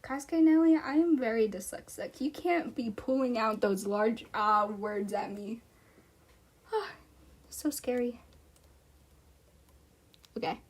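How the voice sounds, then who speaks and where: Husky, giggly woman streamer. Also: on the high side, slow pace, pauses often. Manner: giggly, rambling asides. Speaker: streamer reading fan fiction. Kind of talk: casual live-stream story reading.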